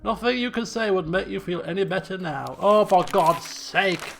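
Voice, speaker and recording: An excitable man commentating over his gameplay, breaking into exclamations and asides. His voice sits high and sounds bright and forceful. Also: fairly quick, creaky, few pauses, faint music behind. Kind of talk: let's play commentary.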